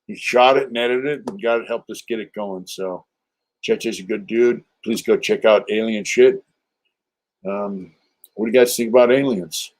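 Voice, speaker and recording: A man's voice: lowish voice, moderate pace. Older man rambling through a streetwise story. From California. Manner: rambling, loose and streetwise, full of fillers and profanity. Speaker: livestream host. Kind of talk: casual storytelling livestream.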